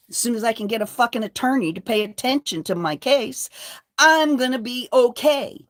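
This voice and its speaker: An older woman hosting her own channel, delivering a defiant, profane rant to the camera. She moves between low mutters and loud, heated outbursts. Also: animated, a little fast, dry recording, clean studio sound. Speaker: channel host. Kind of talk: angry livestream rant.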